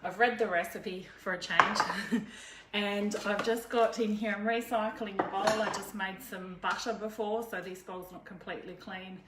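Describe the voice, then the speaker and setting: A woman's voice: medium pitch, steady tone, normal speed. A woman hosting a live cooking demo from her home kitchen, chatty and rambling, laughing often between steps. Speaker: cooking video host. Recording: echoey kitchen, faint background noise.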